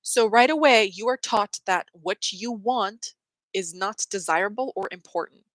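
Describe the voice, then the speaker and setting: A young adult woman hosting a casual spiritual talk, opinionated and quick to quote people in mocking voices. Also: mid-range voice, a bit bright, dry recording, low-quality recording. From Canada. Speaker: host.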